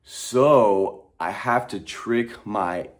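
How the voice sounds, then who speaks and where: Very slow low-voiced man stretching vowels. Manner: drawn-out elongated vowels, deliberately slow delivery. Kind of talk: vocal warm-up demonstration.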